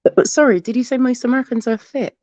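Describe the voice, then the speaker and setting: A woman's voice: on the high side, fast talker, a little mellow, dry recording, dull audio. A woman on an online call who chats casually and protests earnestly. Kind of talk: casual chat.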